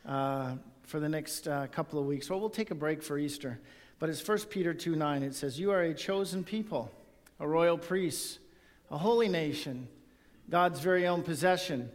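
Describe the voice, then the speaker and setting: A man's voice: a little high, moderate pace, big-room sound. A male pastor preaching a sermon and reading scripture aloud, in an earnest tone.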